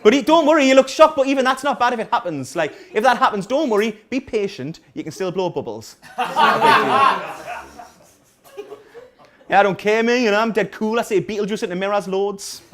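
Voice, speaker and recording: This stand-up comedian, a man in his thirties from North East England with a Geordie accent, rambles through self-mocking stories and dry asides for a live audience in a small coffee house. He speaks at a moderate pace in a high-pitched, expressive, fairly bright voice.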